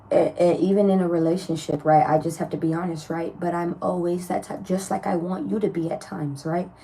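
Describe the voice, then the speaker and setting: Blunt, chatty woman with a mellow voice. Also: on the low side, slight background noise. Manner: chatty, blunt, animated, laughs often, swears freely. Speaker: tarot reader. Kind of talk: casual spoken tarot reading to viewers.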